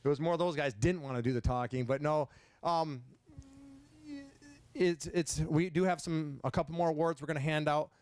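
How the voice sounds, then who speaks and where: Stammering coach, dry close sound. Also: male voice, a little high, steady tone, a little mellow, clean tone, no room sound. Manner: halting, stammering repeats; emotional, choked up at times. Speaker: head football coach. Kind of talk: banquet speech. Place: banquet hall, indoors.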